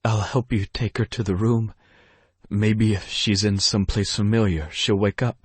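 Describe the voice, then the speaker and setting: A man's voice: fairly low pitch, fairly even intonation, moderate pace, slightly rough, no echo, pitched above the performer's own voice. A man narrating an audiobook, voicing a guilt-ridden young woman who is crying and pleading. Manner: broken, pleading. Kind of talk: audiobook character voice.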